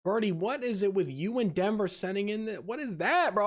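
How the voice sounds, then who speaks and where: A man hosting a casual livestream, greeting his viewers in an animated, teasing way and laughing often. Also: high voice, a little fast, few pauses. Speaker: livestream host reacting to videos.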